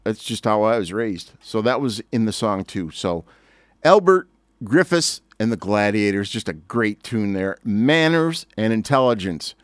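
A man's voice: fairly low pitch, a little slow, no echo. A man in his sixties, a radio DJ chatting in a rambling, easygoing way between songs, speaking into a close studio mic. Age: 60s. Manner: rambling, chatty, lively asides. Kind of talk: casual radio chat. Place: radio station record library.

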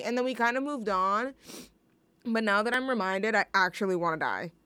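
A woman's voice: fairly high pitch, fairly quick, pushed and bright, smooth, no room sound. Young woman rambling as a radio host. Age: young adult. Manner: rambling, self-deprecating and jokey. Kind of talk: casual radio chat between songs.

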